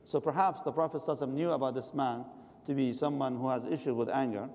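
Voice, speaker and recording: A man's voice: medium pitch, steady tone, racing, a little mellow, in a large hall. A man giving a religious lecture and answering questions from the audience, advising his listeners directly. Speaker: religious teacher.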